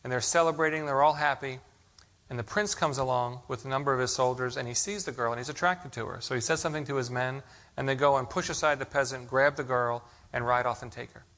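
A man's voice: medium pitch, steady tone, fast talker, a bit bright. A man preaching a sermon, asking the congregation rhetorical questions and telling stories. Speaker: pastor.

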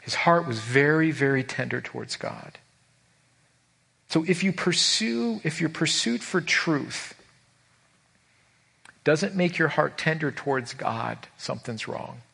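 Husky earnest preacher man. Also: a little high, expressive, slow, long pauses. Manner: earnest, repeats words, swings from hushed to raised. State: emotional. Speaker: pastor. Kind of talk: sermon.

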